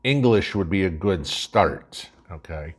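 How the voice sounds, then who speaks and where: A man's voice: sits low, lively intonation, takes it slowly. A man giving scornful, opinionated commentary as host, ranting and tagging his points with "okay?".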